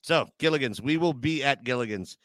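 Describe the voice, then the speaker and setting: A man's voice: mid-range voice, brisk, fairly bright tone, no room sound. A man hosting a casual live chat show, joking crudely and getting sentimental with his audience. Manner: joking, crude banter, emotional asides. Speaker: podcast host.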